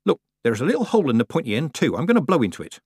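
A man's voice: fairly high pitch, wildly swooping pitch, racing, a little mellow, slightly rough, no echo, studio quality, voice pushed up, exaggerated voice. A man voicing a cheerful, earthy old witch woman who chats in a jolly, bawdy way.

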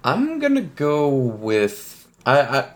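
A man's voice: mid-range voice, huge pitch swings. A man playing along as a contestant in a casual quiz chat, hesitant and full of fillers. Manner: hesitant, slow, lots of fillers. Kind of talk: casual podcast game chat.

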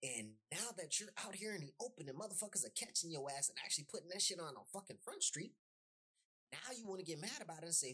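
A woman's voice: on the low side, very animated, fast, sharp tone, breathy edge. A woman hosting a podcast, ranting in a heated, blunt way with heavy swearing and emphatic repetition. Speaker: podcast host. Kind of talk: profane podcast rant.

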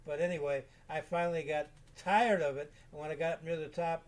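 An older man in his seventies tells long, meandering stories as an interview guest. His voice sits a little high for a man, and he often stops and repeats himself mid-sentence. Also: darkish tone. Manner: rambling, self-repeating anecdotes. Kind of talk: casual storytelling.

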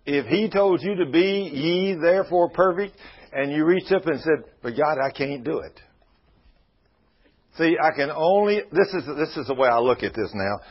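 A man's voice: on the high side, expressive, moderate pace, breathy edge. A man preaching a sermon in a folksy, conversational way, retelling Bible scenes. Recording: muffled lo-fi radio broadcast.

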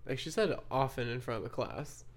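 A woman's voice: very deep voice, sing-song, fairly quick. A young woman co-hosting a podcast, telling school memories in blunt, casual chat with swearing. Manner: blunt, swearing, laughing storyteller. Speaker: podcast co-host.

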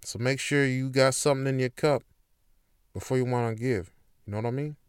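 A man's voice: mid-range voice, fairly even intonation, fairly quick, clean tone, no echo, clean studio sound. A man hosting his own podcast, talking candidly and emphatically in a casual motivational monologue, with plenty of swearing. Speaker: podcast host.

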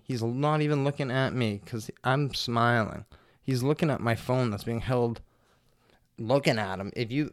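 A man hosting a podcast, telling a casual story with constant swearing and animated retellings. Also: mid-range voice, smooth, no room sound, studio quality. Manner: profane, animated, heavy swearing. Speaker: podcast host.

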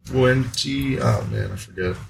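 A man's voice: mid-range voice, unhurried, creaky, slight background noise, rough recording. A man co-hosts a casual book podcast, reading passages aloud and chatting between them. He talks in an easygoing way and laughs often. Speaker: podcast co-host.

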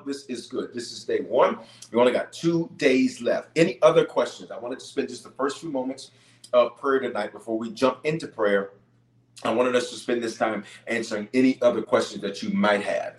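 A man's voice: fairly low pitch, echoey room. A man serving as bishop, leading a live-streamed prayer call, greeting viewers by place and answering their questions with emphatic repetition. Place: room at home base near Denver.

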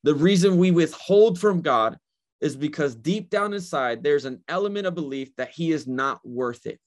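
A man's voice: on the high side, lively intonation, normal speed. A male pastor preaching a sermon, often repeating phrases and checking in with "right?", and voicing God in casual everyday words.

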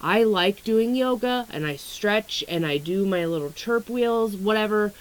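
A young woman who makes astrology content rambles candidly in a casual vlog about her weight struggles and astrology, swearing freely and leaning on "like" and "um." Her medium-pitched voice is animated but unhurried, and the recording quality is low.

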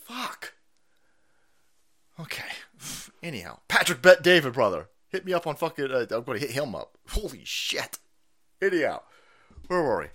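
A middle-aged man live-streaming a profane, exasperated rant as a political commentator, lurching between low mutters and loud outbursts. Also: very animated, moderate pace, pauses often.

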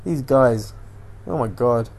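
A man's voice: mid-range voice, takes it slowly, creaky, a little mellow. A man hosting a casual solo podcast, rambling and swearing as he animatedly retells what he watched on TV. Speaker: podcast host.

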